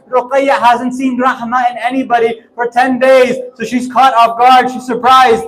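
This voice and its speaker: A man delivers a mourning sermon, his voice sitting very high yet held to a narrow, flat line. He tells the story while crying, pushing through sobs with impassioned urgency. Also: normal speed, hardly any pauses. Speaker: preacher.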